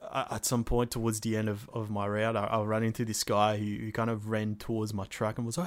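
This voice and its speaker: A man's voice: fairly low pitch, level tone, fairly quick, hardly any pauses. A man co-hosting a podcast, telling a gaming story in a laid-back way and swearing freely. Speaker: podcast co-host. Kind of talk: casual storytelling chat.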